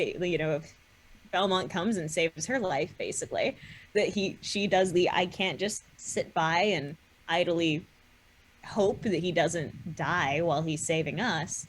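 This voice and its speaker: A woman co-hosting a podcast, chatting casually with frequent laughs and quick enthusiastic asides. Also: lowish voice. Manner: warm agreement, giggly, quick asides. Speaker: podcast co-host. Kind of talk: casual discussion of an animated series.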